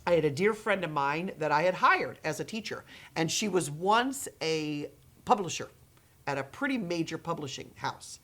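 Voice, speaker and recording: Animated woman educator speaking to camera. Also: low-pitched, moderate pace. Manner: dramatic, acts out quoted reactions with gasps and whispers. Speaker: educator running her own company and channel. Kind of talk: direct-to-camera talk.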